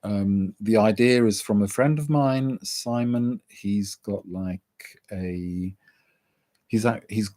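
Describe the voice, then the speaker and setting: A man vlogging, telling a story in a rambling way, chuckling often and filling pauses with "you know" and "um". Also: fairly low pitch, mellow, no echo. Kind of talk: casual storytelling.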